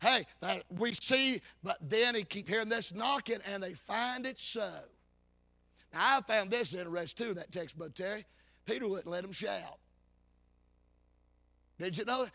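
A man preaches a sermon. His voice sits very high and sounds bright and forceful. He preaches in a fervent, folksy way, swinging between loud calls and low asides. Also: moderate pace, creaky, long pauses. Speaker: Baptist preacher.

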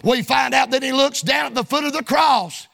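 A male preacher delivering a sermon in a sing-song cadence, often shouting, with folksy colloquial phrasing. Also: extremely high pitch, moderate pace, creaky.

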